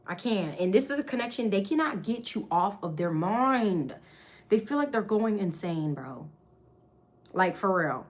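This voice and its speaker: A woman's voice: mid-range voice, big pitch swings, a little slow. A woman, giving a casual, chatty tarot reading to camera with lots of slang and giggling. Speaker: tarot reader.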